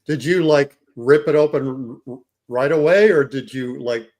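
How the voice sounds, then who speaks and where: A man's voice: medium pitch, moderate pace, darkish tone. Man asking teasing questions. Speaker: podcast co-host. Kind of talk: casual chat.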